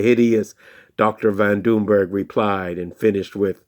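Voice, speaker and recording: Low voiced guy reading a story real slow and quiet. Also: steady tone. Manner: slow, hushed and deliberate, with call-and-response chants. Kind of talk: spoken children's storytelling.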